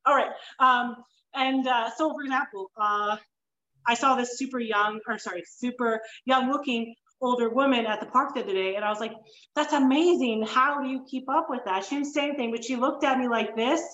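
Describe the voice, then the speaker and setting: A woman hosting a podcast interview over an online call, animated and blunt, swearing freely and going off on rambling asides. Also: a little high, a little fast, reverberant, highs cut off, a little hiss or hum. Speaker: podcast host. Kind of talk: casual interview chat.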